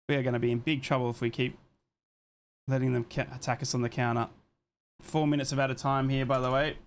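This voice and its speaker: A young man runs a live football watchalong stream, calling the match play by play and reading chat messages aloud. He's excitable and swears freely, speaking at a quick pace in a mid-range voice, with slight background noise.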